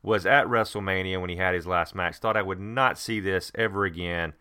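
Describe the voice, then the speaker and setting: A man's voice: deep voice, fairly even intonation, a little fast, bright, forceful tone, clean tone. A middle-aged man co-hosting a podcast, giving wrestling predictions in an emphatic, enthusiastic way with frequent restarts. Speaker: podcast co-host. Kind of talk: casual wrestling prediction chat.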